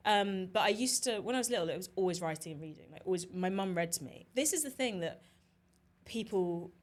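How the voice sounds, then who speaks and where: A woman from southern England, a journalist guest on a podcast, talking quickly and with strong opinions, peppering her speech with "like" and "you know". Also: medium pitch, animated. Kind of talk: casual interview chat.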